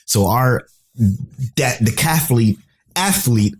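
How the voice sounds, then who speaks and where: A young man co-hosting a podcast, recapping episodes in an excitable, casual way with some swearing. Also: mid-range voice, slow, husky. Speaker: podcast co-host. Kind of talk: casual chat.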